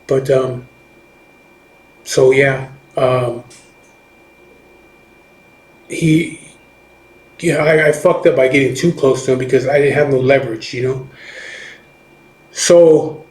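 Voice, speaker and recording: A middle-aged man, a biker, tells a story in rough, profane, rambling talk, circling back over his words. His voice sits at an ordinary pitch and bounces off the walls of an echoey room. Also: steady tone, slow, long pauses, a little mellow. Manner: profane, rambling, with many restarts and "you know what I mean". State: recovering from chemotherapy. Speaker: biker telling a personal story. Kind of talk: casual storytelling.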